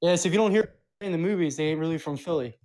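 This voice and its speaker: A man's voice: fairly high pitch, rapid-fire, a little mellow. A man with a Philadelphia accent co-hosting a wrestling podcast in loose, slangy banter. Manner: laid-back slangy banter. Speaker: podcast co-host. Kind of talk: casual wrestling chat.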